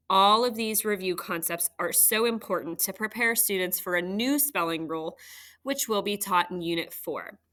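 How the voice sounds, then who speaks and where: A woman's voice: mid-range voice, pushed and bright. A woman teaching a third grade phonics lesson, patiently sounding out words for students at home.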